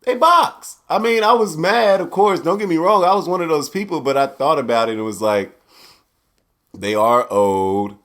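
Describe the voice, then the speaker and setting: A young man hosting a casual solo podcast, loose and profane, swinging from loud outbursts to low mutters. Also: normal speed. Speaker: podcast host.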